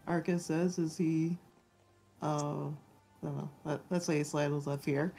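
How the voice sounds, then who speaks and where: A woman role-playing her character in a tabletop game. She speaks very slowly and a little hesitantly. Her voice is low and husky, with faint music behind. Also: sing-song. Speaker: player.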